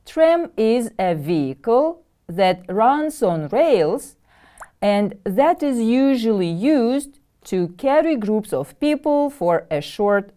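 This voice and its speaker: Teacher lady from kyrgyzstan doing an english lesson, super slow and careful, voice goes up and down a lot. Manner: slow, careful, lively pitch, repeating words for pupils. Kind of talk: televised English vocabulary lesson.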